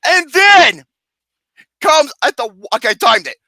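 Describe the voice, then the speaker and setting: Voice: high-pitched, very animated, unhurried, sharp tone, no room sound. A movie reviewer ranting about a film in a comedic, profane way, mocking and sarcastic, swearing constantly and breaking into laughter.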